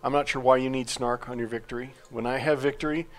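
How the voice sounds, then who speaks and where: A developer man co-hosts a relaxed gaming livestream, answering audience questions between dry jabs at his partner. His voice is an ordinary mid pitch, and he delivers his humor flatly and wryly. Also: fast. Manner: dry, wry teasing. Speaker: game developer and co-host. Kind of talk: casual gaming livestream chat.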